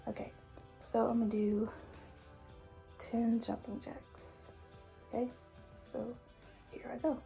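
A young adult woman, a fitness vlogger, chats with viewers during a home workout while a little out of breath, calling them "you guys" and filling her talk with fillers. Her voice is a little high and warm, with little pitch movement, a slow pace, vocal fry and long pauses. The recording is poor, with soft background music.

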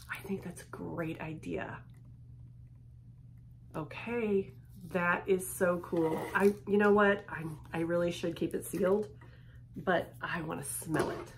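Woman, casual unboxing chat, slow, lowish voice, gushing, lingering. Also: steady tone, slight background noise. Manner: gushing, lingering, drops to a hush at times. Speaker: unboxing vlogger.

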